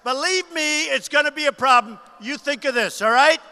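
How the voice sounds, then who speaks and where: A man giving a loud, emphatic rally speech to a big crowd, repeating short phrases. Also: normal speed. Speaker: political candidate at a rally. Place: large arena rally. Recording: booming reverb of a big arena.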